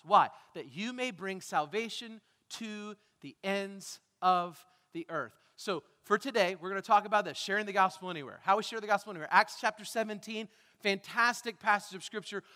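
A man preaching a sermon to his congregation on a stage microphone, quizzing them and breaking into dramatic shouts. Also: high voice. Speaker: pastor. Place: church sanctuary. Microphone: handheld or stage microphone. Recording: church hall reverb.

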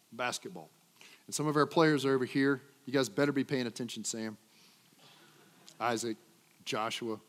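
A man preaching a sermon with dynamic delivery, swinging from loud emphatic peaks to low trailing phrase ends. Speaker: pastor. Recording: long hall reverb.

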